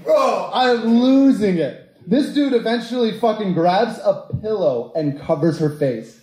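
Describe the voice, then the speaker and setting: A man's voice: high-pitched, lively intonation, unhurried, dark tone, echoey room. A young man doing a stand-up set, telling crude stories animatedly and firing asides at the crowd. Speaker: stand-up comedian.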